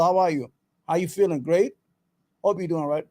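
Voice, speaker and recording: Heated, cursing livestream host. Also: male voice, on the high side, a little fast, long pauses, darkish tone. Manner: heated, profane, repeats himself; chatty asides to viewers. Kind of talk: ranting political commentary.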